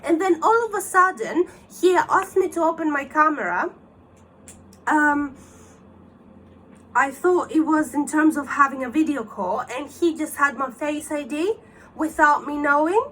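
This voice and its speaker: A woman's voice: high-pitched, measured pace, a bit bright, a little hiss or hum. A woman vlogger telling a personal story to camera, agitated as she retells a scam phone call and quotes both sides.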